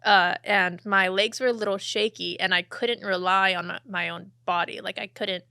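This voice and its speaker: A young woman hosting a podcast, chatting casually and laughing between phrases, her voice trailing off softly. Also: medium pitch, steady tone, normal speed, vocal fry, no echo, studio quality. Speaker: podcast host. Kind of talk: casual interview talk.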